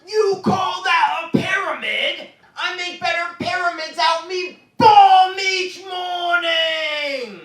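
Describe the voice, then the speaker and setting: A livid chef shrieks his insults at the top of his lungs, as a comedian puts him on. The voice is high and strained, and each word is dragged out. It sounds distant and reverberant, like a club stage. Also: takes it slowly, hardly any pauses, exaggerated voice. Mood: furious. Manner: shrill shouting rant. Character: furious shouting male celebrity chef. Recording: echoey venue from far off.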